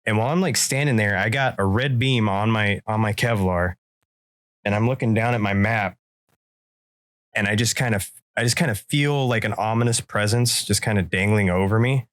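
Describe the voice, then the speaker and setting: Low-voiced man telling a story, dry. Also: normal speed, dry recording. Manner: loose, profane, acts out quoted lines. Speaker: podcast co-host. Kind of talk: casual storytelling.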